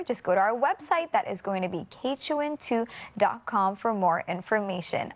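A woman anchoring a morning news broadcast, reading weather and stories in a friendly, bright manner. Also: a little high, expressive, a little fast, few pauses.

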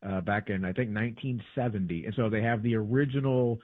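A man casually chatting as a podcast co-host, rambling with lots of fillers and restarts, turning animated when excited. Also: lowish voice, a little fast, husky, no echo. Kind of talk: casual travel chat. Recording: dry, tinny phone-like sound.

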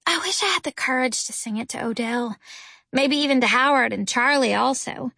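A woman reads a first-person story aloud with lively, expressive storytelling. Her voice is high and bright. The recording is close and dry. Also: normal speed, vocal fry, no room sound. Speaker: audiobook narrator.

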